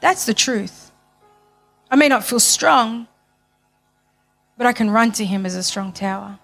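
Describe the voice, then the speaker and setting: A high-pitched woman delivers a passionate sermon testimony, hammering phrases again and again. Her voice swings from loud, pushed lines down to hushed ones. Soft music plays faintly behind her. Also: unhurried, vocal fry. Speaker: church speaker giving testimony.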